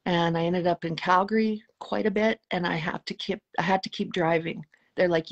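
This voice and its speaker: A middle-aged woman telling a personal spiritual story as an interview guest, earnest and emotional, often dropping to a soft hushed tone. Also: lowish voice, steady tone, moderate pace, hardly any pauses, dull audio.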